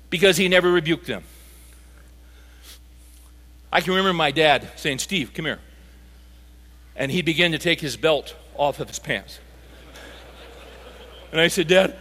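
A man preaching a sermon, animated and rising to emphatic peaks. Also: high-pitched. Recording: live talk in a reverberant hall.

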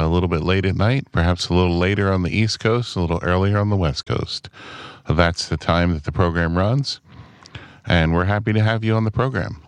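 A man co-hosting a call-in radio show, inviting listeners in a friendly, steady way. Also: sits low, clear, resonant tone, no room sound. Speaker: radio co-host. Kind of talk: radio program announcement.

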